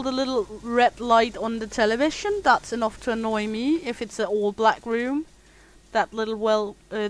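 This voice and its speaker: On a poorly recorded stream, a Danish woman with a voice on the high side plays a simulation game, joking around with viewers and reading chat aloud.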